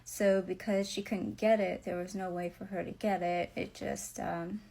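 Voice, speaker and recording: A young woman telling a personal story, halting, with many fillers and nervous little laughs, close to tears as she speaks. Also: fairly low pitch, flat delivery, gravelly, mellow. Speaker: vlogger.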